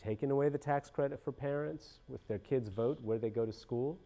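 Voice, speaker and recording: A man's voice: mid-range voice, a little fast. A middle-aged man hosting a casual political commentary show. He rambles and keeps breaking off to restart his sentences. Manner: rambling, animated, self-interrupting with many restarts. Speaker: podcast host.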